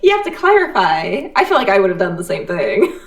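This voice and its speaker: A woman co-host chatting casually, giggly and animated. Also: medium pitch, fairly quick. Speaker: podcast co-host. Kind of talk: casual podcast chat. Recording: echoey, distant mic.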